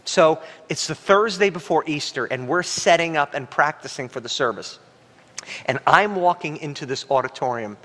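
A man pastor preaching a sermon, telling stories animatedly and breaking into a coughing fit now and then. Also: moderate pace. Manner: animated storytelling, voice rising high when quoting himself. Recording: long hall reverb.

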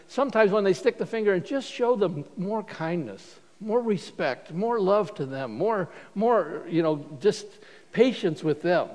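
Male pastor, high voice, loose stop-start sermon delivery, reverberant hall sound. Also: a little mellow. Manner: informal, halting delivery with frequent restarts. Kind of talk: conversational sermon.

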